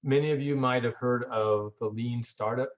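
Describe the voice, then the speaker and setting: A man lectures in an easygoing, conversational manner, repeating words as he thinks and asking the audience rhetorical questions. His voice sits at an ordinary middle pitch. The recording is a bit dull and lo-fi. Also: steady tone, moderate pace. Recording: dull lo-fi audio.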